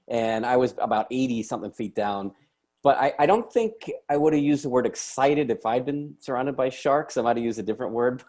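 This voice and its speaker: A man's voice: medium pitch, dark tone. A man hosting a storytelling event, chatting in a friendly way between stories. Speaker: host.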